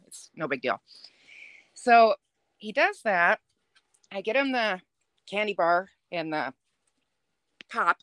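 A young adult woman telling a dating story on a podcast in a chatty, lively way. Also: medium pitch, no room sound. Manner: chatty, animated, laughs while telling. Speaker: podcast guest. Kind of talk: casual storytelling.

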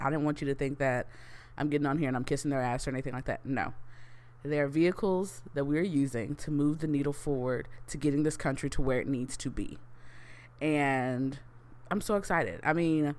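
A woman hosting her own podcast, talking casually and excitedly with many fillers and restarts. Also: low voice. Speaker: podcast host. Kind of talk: casual solo podcast talk.

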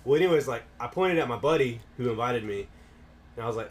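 A man's voice: mid-range voice, lively intonation, fast talker, a little hiss or hum. A man hosting a podcast, telling a rambling story in casual chat, swearing heavily and dropping "bro" and "dude" often.

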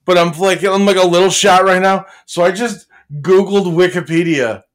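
A man talking films in a relaxed, rambling way, cursing freely and poking fun at himself. His voice sits slightly high for a man. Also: moderate pace. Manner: self-mocking, swears freely, loose and rambling. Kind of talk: casual movie chat.

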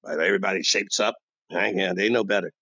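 An actor playing an older, bossy, old-school barbershop owner who rambles and boasts in street talk, delivered as a comic monologue. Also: male voice, sits low, steady tone, fast talker, sharp tone, slightly rough, no room sound, exaggerated voice. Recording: dull dry lo-fi recording.

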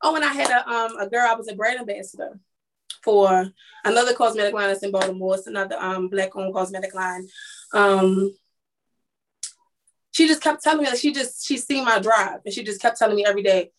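A woman's voice: medium pitch, brisk. A woman who works as a makeup artist, telling her story in a casual interview, rambling and acting out what people said. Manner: rambling, restarts, acts out quoted dialogue. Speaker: guest, makeup artist and lash business owner.

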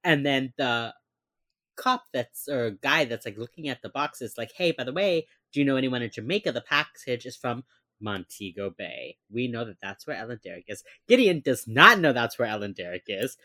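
Brief: woman co-host, casual chat, lively swooping delivery, dry close sound, acts out scenes. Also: a bass voice, moderate pace, no room sound. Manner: animated retelling, acts out characters' lines, laughs often. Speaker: podcast co-host recapping a TV episode.

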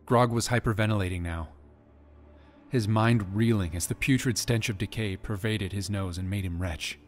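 A man's voice: fairly low pitch, normal speed. A man giving a dramatic scripted narration of an audiobook. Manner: dramatic storytelling.

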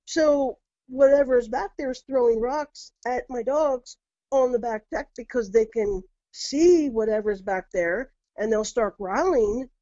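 A woman's voice: on the high side, mellow, no echo. A middle-aged woman telling her own eerie encounters in a casual interview, earnest, often repeating her words. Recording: dull lo-fi audio.

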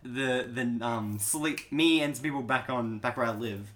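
A man's voice: medium pitch, moderate pace. A young man, a university student guest on a casual podcast, rambling and losing his thread. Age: young adult. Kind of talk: casual banter among friends. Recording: loud background noise.

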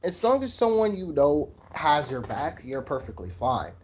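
A man's voice: a little high, moderate pace, a little hiss or hum. A man who has worked at a hotel, talking in an exclamatory way in casual chat. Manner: lively, exclamatory storytelling.

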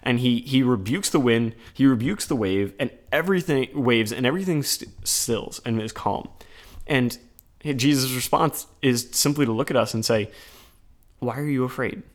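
A man co-hosting a podcast, talking through scripture readings in an earnest, conversational way, with animated retellings. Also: mid-range voice, normal speed. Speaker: podcast co-host. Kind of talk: casual chat about scripture readings.

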